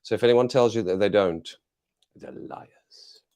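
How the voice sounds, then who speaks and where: A man's voice: on the low side, fast talker, dark tone, clear, resonant tone. Chatty, jokey English man hosting. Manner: chatty, jokey, rambling asides, laughs often. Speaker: livestream host. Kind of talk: casual live chat with viewers. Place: home desk. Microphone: clip-on mic.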